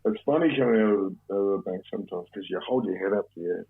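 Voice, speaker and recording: A relaxed Australian man tells long stories in a casual interview, swearing freely and circling back on himself. His voice is low, gravelly and husky. It comes through a narrow, phone-like channel. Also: fast. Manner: relaxed, profane, rambling storyteller. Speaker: guest, former bank robber.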